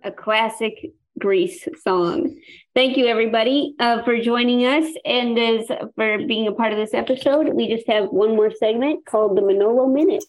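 A woman's voice: fairly high pitch, normal speed. A woman co-hosting a comedy game show podcast, upbeat and reading the credits. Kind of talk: casual podcast chat.

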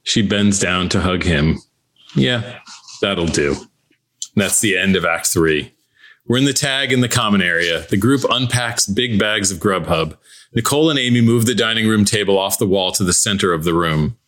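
A man hosting a podcast, reading stage directions and then signing off in a relaxed, conversational way. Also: on the low side, moderate pace. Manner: relaxed, conversational, some restarts. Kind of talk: scripted narration and podcast sign-off.

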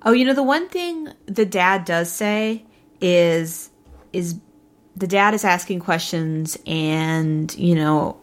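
A woman's voice: fairly low pitch, animated, slow pace. A woman co-hosting a podcast, recapping events in casual chat and quoting people in put-on voices. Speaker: podcast co-host.

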